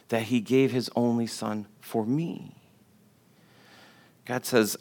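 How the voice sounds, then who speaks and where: A man's voice: mid-range voice, measured pace. Conversational man preaching a sermon. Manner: conversational, repeats words for emphasis, jokes with the congregation. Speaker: pastor.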